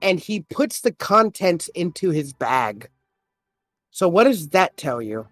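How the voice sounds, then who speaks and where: A man's voice: high voice, sing-song, slow, a bit bright, no room sound, clean studio sound, soft background music. A man on a podcast, casually telling a story, swearing often and getting worked up as he retells an argument. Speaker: podcast host. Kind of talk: casual chat.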